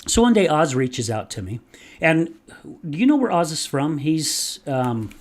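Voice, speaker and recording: A man's voice: on the high side, sing-song, unhurried. A man hosting a podcast, telling a story in a casual, emphatic way and swearing casually now and then. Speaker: podcast host.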